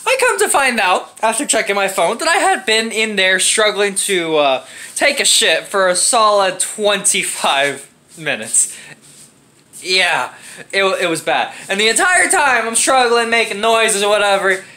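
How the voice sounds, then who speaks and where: Brief: young man, casual storyteller, high and sing-song delivery, dramatic and profane. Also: unhurried. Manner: animated, profane, dramatic with acted-out grunts.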